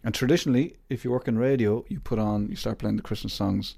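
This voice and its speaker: A man's voice: on the low side, fast talker, gravelly, mellow, slightly rough, no echo, clean studio sound. A man hosting his podcast in a rambling, self-mocking casual chat. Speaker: podcast host.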